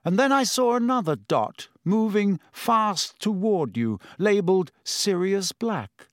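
A man's voice: sits high, lively intonation, slow, dry recording, clean studio sound, voice pushed up. A man voicing an impatient, intense middle-aged male wizard teacher in an audiobook reading. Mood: urgent. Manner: urgent, insistent, impatient.

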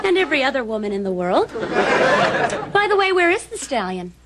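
An actress playing a prim, sharp-tongued sitcom neighbor with a crisp, sarcastic delivery. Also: female voice, high-pitched, big pitch swings, brisk, over a noisy crowd, very noisy. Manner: crisp, sarcastic, dramatic storytelling. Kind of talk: sitcom acting. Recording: loud studio audience laughter.

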